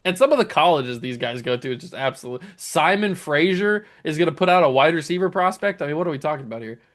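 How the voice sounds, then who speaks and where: A young gaming YouTuber talks fast in a high-ish, animated voice, chatting casually and laughing as he reads through odd player names in his game commentary.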